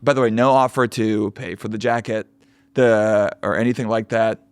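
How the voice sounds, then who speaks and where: A young man co-hosting a podcast, ranting with sarcastic, quick asides in casual banter, close to the mic. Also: fairly low pitch, flat delivery, clear, resonant tone, dry recording. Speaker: podcast co-host.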